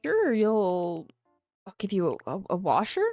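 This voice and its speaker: A woman's voice: mid-range voice, huge pitch swings, a little slow, dark tone, no echo, faint music behind. A young woman streaming a video game from home, thinking aloud in a rambling, casual way and humming to herself. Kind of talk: casual live-stream chatter while playing.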